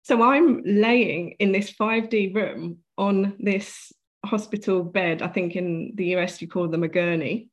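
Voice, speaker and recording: A woman's voice: mid-range voice, measured pace. A woman guest on an interview, telling a personal story earnestly and vividly, acting out what was said. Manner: earnest, vivid retelling with acted-out quotes.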